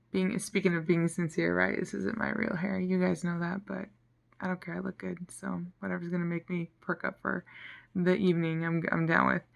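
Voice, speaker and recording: A woman's voice: fairly low pitch, vocal fry. A woman talking frankly and a little frustrated in a casual vlog, rambling and sometimes dropping almost to a whisper, tired. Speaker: vlogger.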